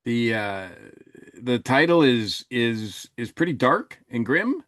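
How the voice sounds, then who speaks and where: A man co-hosting a podcast, talking slowly in a relaxed, meandering way, full of "uh" and restarts. His voice sits mid-pitch and sounds close and dry, with no room around it. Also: no echo. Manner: rambling, many fillers and restarts. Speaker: podcast co-host. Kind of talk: casual chat.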